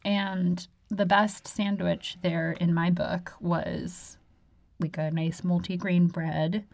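A woman in her twenties co-hosting a podcast in relaxed, chatty conversation, drawing out her descriptions. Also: fairly low pitch, slow pace, gravelly. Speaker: podcast co-host. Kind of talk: casual chat.

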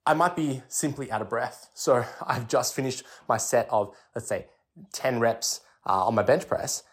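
A young man hosting a fitness podcast, explaining training in a chatty, casual way full of restarts and filler words. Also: medium pitch. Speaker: podcast host.

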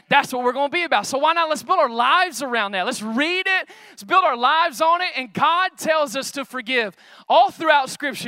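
A young male pastor preaching a casual, energetic sermon, chatty with fillers and calling out to the congregation. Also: extremely high pitch, no room sound.

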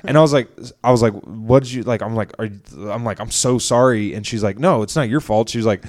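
A young man co-hosting a comedy podcast, telling a long story in a rambling, animated way and acting out what others said. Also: mid-range voice, fast talker. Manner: rambling, animated retelling with quoted voices. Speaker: podcast co-host. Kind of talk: casual storytelling chat.

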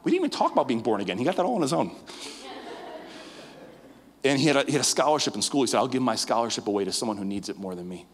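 Male guest preacher, mid-pitched, lively storyteller who stumbles and repeats words, long church reverb. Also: slightly rough. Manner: animated, stammers with repeated words. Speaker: guest pastor. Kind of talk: storytelling sermon.

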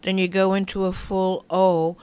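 Calm middle-aged woman talking you thru relaxation, slow and smooth, kinda low voice. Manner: calm, unhurried, soothing guidance. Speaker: wellness teacher. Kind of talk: guided relaxation instruction.

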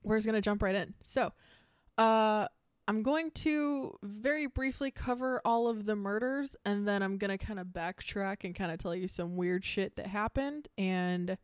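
A woman's voice: mid-range voice, moderate pace, clear, resonant tone, no room sound, clean studio sound. A young woman co-hosting a casual true-crime podcast, giggly and rambling, swearing freely. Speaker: podcast co-host.

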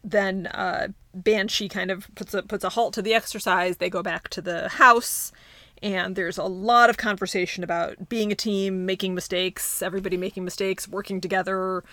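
A woman's voice: mid-range voice, fairly even intonation, moderate pace, bright, forceful tone, dry recording. A woman co-hosting a podcast, giving a laid-back recap of a comic issue in casual chat and laughing easily. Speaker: podcast co-host.

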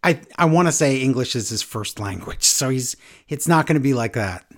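A man's voice: mid-range voice, expressive, fairly quick. A man co-hosting a casual wrestling review chat, easygoing and hesitant, with many fillers. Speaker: podcast co-host.

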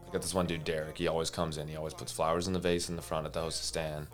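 Podcast co-host, deep-voiced bartender spinning lively anecdotes, faint music under. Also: male voice, very fast. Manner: animated, acts out dialogue in higher voices, swears freely. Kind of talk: casual storytelling chat.

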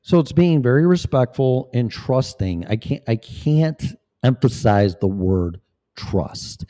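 Male vlogger, rambling and preachy, profane; mid pitch with very lively intonation. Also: slow pace. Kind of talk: casual monologue.

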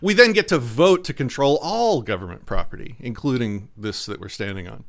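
A man putting on a stubborn, evasive male debater who ends up flatly confused. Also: mid-range voice, normal speed, voice pushed down, close to an everyday voice. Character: low-voiced adult male debater, evasive and baffled.

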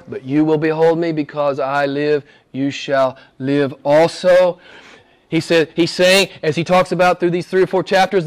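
Preaching in a high voice, a male pastor alternates between loud exhortation and hushed whispers during his sermon, with laughs between his points.

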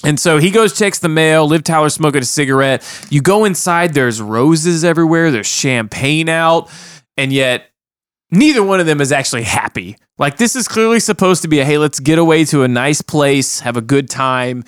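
A man's voice: fairly high pitch, animated, normal speed, clean tone, no room sound, studio quality. A man co-hosting a podcast, casually recapping a film in a rambling way with crude jokes and frequent laughter. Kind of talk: casual chat.

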